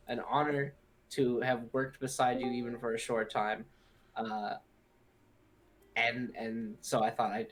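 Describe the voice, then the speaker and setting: A young man plays a tabletop game in a casual, easygoing way. His voice sits in a middle pitch. He talks loosely and sounds amused. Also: slight background noise. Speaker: player.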